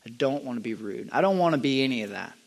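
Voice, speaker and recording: A young man sharing a personal testimony, earnest and halting, often restarting his sentences and climbing high and loud when he gets stirred up. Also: lively intonation, gravelly. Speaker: lay speaker sharing a testimony.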